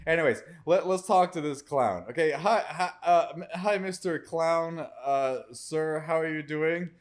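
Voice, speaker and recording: A man's voice: fairly high pitch, unhurried. A man co-hosting an improvised comedy podcast, rambling and stammering, swearing casually. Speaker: podcast co-host.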